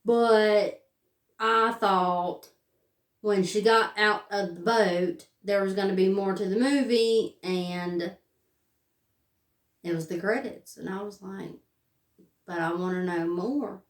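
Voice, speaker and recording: A woman's voice: mid-range voice, steady tone, slow, pauses often. A young woman, casually reviewing a movie in a chatty, filler-heavy way. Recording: roomy sound, distant from the mic.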